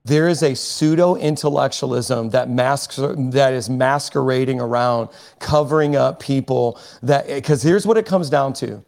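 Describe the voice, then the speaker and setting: A man's voice: medium pitch, creaky, darkish tone. A man speaking as a podcast guest, emphatic and preachy, often restarting his sentences as he builds his point. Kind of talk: impassioned podcast discussion.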